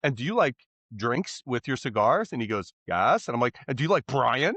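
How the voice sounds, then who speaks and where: A man co-hosting a podcast in casual chat, animated and quick to act out quoted exchanges. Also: medium pitch, no echo. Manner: animated, laughs often, acts out quotes. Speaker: podcast co-host.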